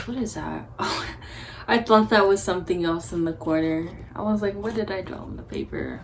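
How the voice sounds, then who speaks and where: A woman's voice: fairly low pitch, background noise. A teenage girl vlogging casually, telling a story in a chatty, blunt way and swearing freely. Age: teens.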